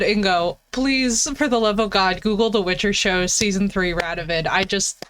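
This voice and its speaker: A woman game streamer ranting casually to her chat in an animated, profane, emphatic way. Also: medium pitch. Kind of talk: casual livestream rant to chat.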